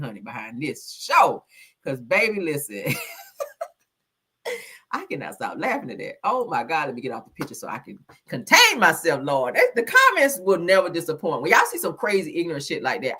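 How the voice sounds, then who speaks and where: A woman's voice: fairly low pitch, bright, forceful tone, breathy edge. Sassy laughing woman gossip host. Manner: sassy, laughing, calls viewers honey and child. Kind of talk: casual gossip livestream chat.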